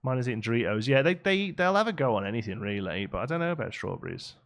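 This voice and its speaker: A man's voice: medium pitch, big pitch swings, fast, gravelly. A man chatting casually on a live game stream, reading and answering chat as he builds.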